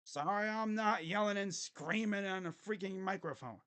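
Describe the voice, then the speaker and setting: High-voiced grumbling male sports streamer. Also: normal speed, a bit bright. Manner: grumbling, sarcastic, swears casually. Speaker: sports livestream host. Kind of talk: casual livestream chat. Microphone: desk microphone.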